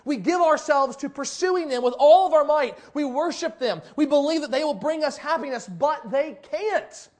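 A man preaching a sermon, acting out the people in the story and swinging from loud exclamations to hushed, drawn-out lines. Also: very high voice. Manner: dramatic, voices characters, swings from loud to hushed. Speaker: pastor.

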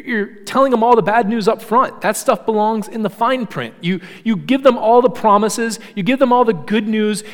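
A pastor delivers an earnest sermon, moving between quiet, low passages and raised, emphatic ones. He often repeats words as he restarts, and a long hall reverb fills the recording.

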